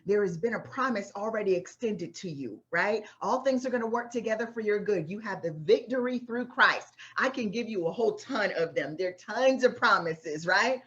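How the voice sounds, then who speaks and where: A woman's voice: medium pitch, expressive, moderate pace, few pauses, a bit bright, lo-fi sound. A woman coaching a class through a Bible passage in a casual, conversational way, often checking in with "right?". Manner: conversational, keeps asking "right?". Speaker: faith-based success coach teaching a class.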